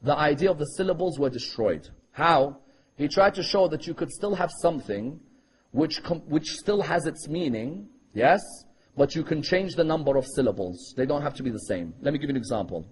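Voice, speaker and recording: A man preaches to a gathered audience, tossing out rhetorical questions and checking they follow along. His voice is pitched high with a husky edge. Now and then he breaks into brisk chanted recitation of Arabic verses. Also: animated, poor audio. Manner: talks to a live audience with frequent rhetorical questions. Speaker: Islamic preacher. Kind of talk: sermon.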